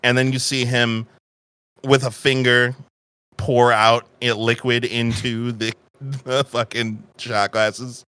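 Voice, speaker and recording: A man narrating a tabletop game in a loose, casual way, swearing freely. He talks slowly, and his bright voice sounds close and dry. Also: mid-range voice, flat delivery, smooth, no room sound. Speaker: game master.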